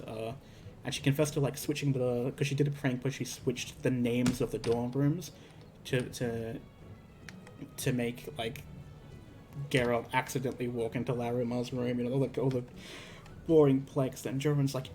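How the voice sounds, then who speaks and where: A man with a flat, slightly mellow mid-range voice and a moderate pace streams a casual tabletop game story. He wanders, restarts, leans on fillers, and acts out characters as he goes.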